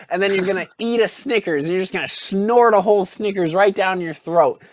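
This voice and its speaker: A man co-hosting a goofy podcast, his voice pitched high for a man. He talks in an exaggerated way, spinning absurd, over-the-top jokes. The sound is close and dry. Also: a little fast, hardly any pauses, no room sound. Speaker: podcast co-host. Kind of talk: goofy comedic podcast banter.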